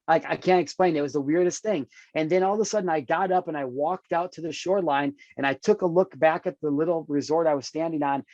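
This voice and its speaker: A man in his thirties, pitched slightly high, tells a personal story on a podcast with emphatic intensity, pulling the host in with "dude" and "check this out." The recording is dry and a little dull. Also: fast talker, few pauses, darkish tone, no room sound. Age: 30s. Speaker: podcast guest.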